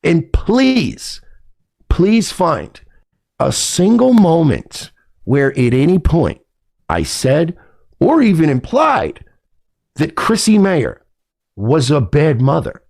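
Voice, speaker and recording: A man's voice: a little high, huge pitch swings, slow pace, creaky, pauses often, a little mellow. A man in a played clip, speaking in an indignant, sarcastic and profane way. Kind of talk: clip of a podcast rant.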